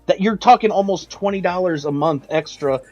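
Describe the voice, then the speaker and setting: A man on a gaming news panel, talking casually with emphatic, opinionated points and quick restarts. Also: high-pitched, dull audio, crowd noise.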